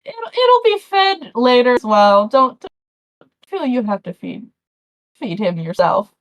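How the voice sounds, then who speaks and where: Woman doing a fussing, high-pitched dwarf cook. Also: big pitch swings, measured pace, dry recording, muffled recording. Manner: fussing, reassuring, shooing people along. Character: friendly dwarven woman cook, motherly and brisk.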